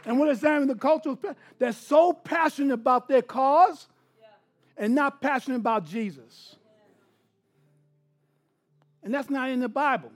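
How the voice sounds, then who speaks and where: A man delivers a sermon from the pulpit in a strikingly high voice. He swings between hushed, intimate asides and loud, emphatic bursts. Faint music plays beneath him. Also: moderate pace, long pauses. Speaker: pastor.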